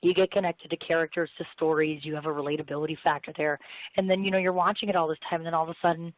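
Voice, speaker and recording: A woman in her thirties hosting a radio talk show, her voice hoarse from illness, chatty, gushing and self-mocking. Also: sits low, fairly even intonation, very fast, no room sound. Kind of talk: casual chat. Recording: thin phone-line sound.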